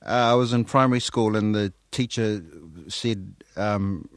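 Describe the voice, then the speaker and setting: A man with a New Zealand accent hosting a radio interview, playful and mock-earnest with deadpan jokes. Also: fairly low pitch, a little slow, no echo. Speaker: radio host. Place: radio studio. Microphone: studio microphone.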